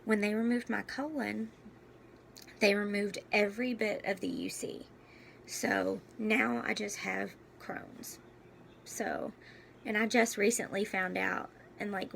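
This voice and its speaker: Young woman, gravelly and losing her voice. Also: medium pitch, a bit bright, slight background noise. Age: young adult. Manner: halting, candid, with many fillers and restarts. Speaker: vlogger. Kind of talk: casual personal vlog.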